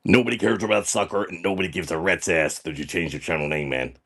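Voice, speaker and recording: Male comic as a deep-voiced, boastful, foul-mouthed stream character who says "man" constantly. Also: fast, vocal fry, fairly bright tone, husky, heavily acted. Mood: brash. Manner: ends nearly every sentence with "man", brash and swaggering. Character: crude, boastful, foul-mouthed party dude. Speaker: livestream character host. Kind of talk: comedic livestream persona reading chat.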